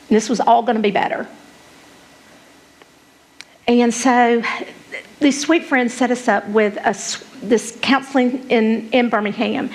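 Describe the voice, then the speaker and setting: A middle-aged woman speaks from the stage in a slightly higher-than-usual register. She shares her personal story bluntly and candidly, with raw emotion close to the surface. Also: low-quality recording. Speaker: conference speaker. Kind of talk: personal testimony talk.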